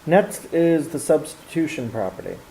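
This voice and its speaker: A man with a mellow, warm voice teaches a recorded geometry lesson, explaining step by step with small fillers and restarts. A faint hiss sits under the recording. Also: fairly high pitch, lively intonation, normal speed, poor audio. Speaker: math teacher.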